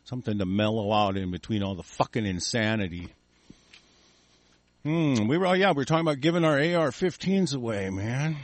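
A man hosting a small talk radio show, ranting with constant swearing, swinging between low muttering and angry bursts. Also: lively intonation, brisk, dry recording. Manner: profane, shouting in bursts, mumbling asides. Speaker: radio host.

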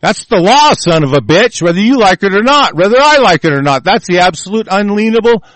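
High-voiced guy ranting furious and swearing nonstop, dry close sound. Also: very animated, fairly quick, dry recording. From United States. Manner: furious, profane, shouting threats. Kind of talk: angry political rant.

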